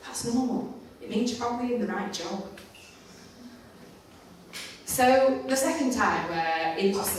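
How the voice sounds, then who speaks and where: A woman's voice: lowish voice, a little hiss or hum. Candid woman speaker in an echoey hall. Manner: candid and self-mocking, swears casually. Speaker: conference speaker. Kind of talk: storytelling talk. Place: conference stage in a large hall. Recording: echoey hall, mic at a distance.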